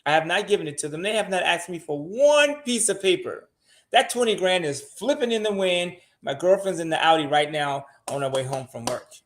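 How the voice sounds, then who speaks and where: A man's voice: high voice, lively intonation, fairly quick. An older man, a show regular, giving blunt money advice in casual podcast talk and swearing freely.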